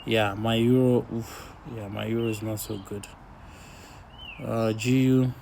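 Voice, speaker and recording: A man's voice: fairly low pitch, flat delivery, unhurried, gravelly, a little mellow, slight background noise. A laid-back man casually commenting on his forex trades while sharing his screen, talking half to himself as he watches the charts.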